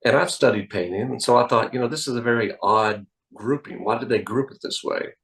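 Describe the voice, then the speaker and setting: A man being interviewed as a magician, telling anecdotes in an animated, storytelling way. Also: medium pitch, a little fast, gravelly, poor audio. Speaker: magician guest.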